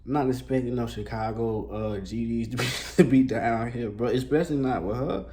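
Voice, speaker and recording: A man's voice: mid-range voice, moderate pace, dark tone, a little hiss or hum. A man telling a casual storytime, talking loosely in street slang with a lot of fillers and swearing. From Columbus, Georgia, US.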